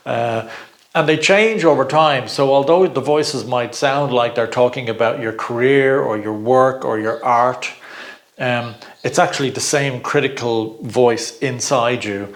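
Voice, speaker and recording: A man's voice: mid-range voice, measured pace. A middle-aged man giving an informal personal growth talk, chatty, laughing often and repeating words as he searches for them.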